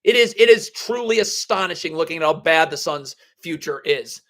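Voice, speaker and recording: A man's voice: on the high side, animated, moderate pace, pushed and bright. A man hosting a live basketball draft reaction stream, blunt and sarcastic as he rants. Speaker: basketball livestream host.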